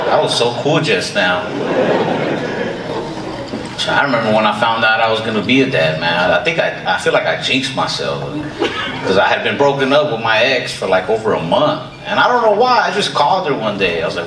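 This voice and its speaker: Young male comic, self-deprecating and rambling, lively pitch, recorded roomy and distant. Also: moderate pace, long pauses, heavy background noise. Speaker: comedian. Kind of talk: stand-up comedy set. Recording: roomy, distant mic with loud laughter.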